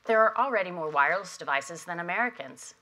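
A woman delivering prepared opening remarks at a conference, measured and emphatic, at a podium microphone. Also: fairly low pitch, lively intonation, bright, forceful tone. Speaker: industry association head giving opening remarks. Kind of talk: prepared keynote speech. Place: conference hall.

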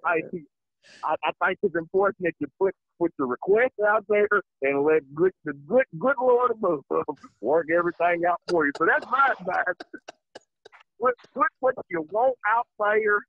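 A man's voice: high-pitched, sing-song, normal speed, gravelly, no echo, phone-quality sound, voice pushed up, exaggerated voice. An actor playing a lovestruck, overexcited male football coach on a comedic morning talk show, talking in a folksy, preachy, emotional way. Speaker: guest. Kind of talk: comedic character bit.

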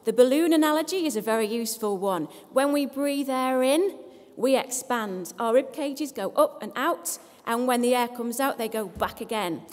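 Brisk, encouraging woman voice therapist. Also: on the high side. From England. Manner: brisk, encouraging, lightly self-deprecating. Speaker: speech and language therapist. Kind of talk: live workshop talk leading an audience in voice exercises. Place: conference hall with audience. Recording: long hall reverb.

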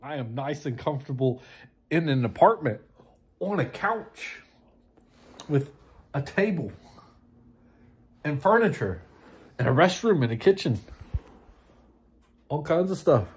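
A man's voice: a little high, big pitch swings, unhurried, pauses often, husky. A man in a casual vlog, rambling and joking about himself as he goes about his day in a town in winter. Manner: rambling, self-mocking, chatty. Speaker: vlogger.

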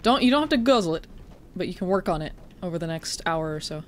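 Low-ish and animated, this woman talks fast over a slight hiss or hum. She plays a game live and chats with her audience, greeting people by name and teasing them playfully between laughs.

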